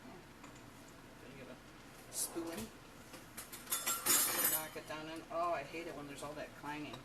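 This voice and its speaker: Middle-aged home-canning host with a low voice, chatty and playful, recorded from across a noisy kitchen. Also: female voice, steady tone, measured pace, distant mic. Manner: chatty, talks while working, playful. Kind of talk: casual how-to demonstration.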